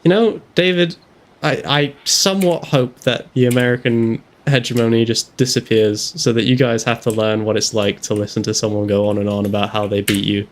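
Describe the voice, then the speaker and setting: A man's voice: medium pitch, steady tone, brisk. A young man chatting casually and teasing his friend with banter. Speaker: host. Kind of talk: casual chat.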